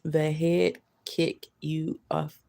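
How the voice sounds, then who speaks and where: A woman with a low, gravelly voice chats casually on a livestream. She talks loosely and slangily to her viewers, reading their comments and chuckling often. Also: flat delivery, very slow, warm tone, dry recording.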